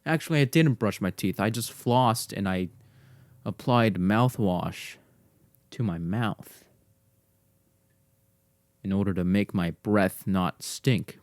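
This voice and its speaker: A man's voice: on the low side, slow pace, pauses often, darkish tone, dry recording. A man hosting his own podcast from his garage, chatting casually in a rambling, self-deprecating way. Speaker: podcast host. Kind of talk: casual solo podcast monologue. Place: home garage. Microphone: desk mic to computer.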